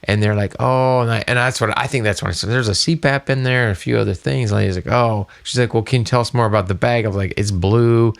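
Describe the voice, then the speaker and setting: Middle-aged male podcast co-host, gravelly voice, lively storyteller who acts out the other people's lines. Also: medium pitch, quick pace, hardly any pauses. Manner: animated, acts out quoted voices. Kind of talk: casual storytelling chat.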